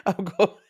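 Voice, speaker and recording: A man co-hosting a fantasy football show, giving brief, easygoing answers in casual chat.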